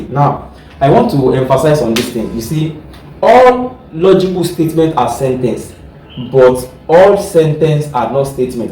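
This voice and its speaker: A man's voice: medium pitch, dark tone, roomy sound, recorded from a distance, rough recording. A male teacher giving a lecture, repeating words and often asking the class whether they follow. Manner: keeps checking "are you getting what I'm trying to say?"; repeats and restarts words while explaining.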